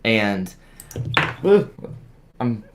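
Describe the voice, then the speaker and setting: Halting, stammering young man. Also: lowish voice, steady tone, heavy background noise. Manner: halting, repeats words and restarts often. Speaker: guest sharing a paranormal experience. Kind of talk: casual storytelling on a video call.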